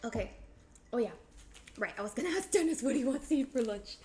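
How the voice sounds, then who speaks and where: A woman's voice: on the high side, expressive, fast, mellow. A woman chatting casually through a cooking livestream, playful and bubbly as she talks to her viewers. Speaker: streamer.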